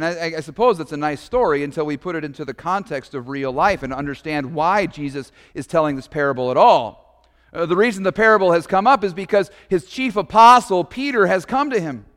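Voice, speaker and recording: Conversational pastor with a high-ish voice. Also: male voice, a little fast, in a large hall. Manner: conversational, animated storytelling with asides. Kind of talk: sermon.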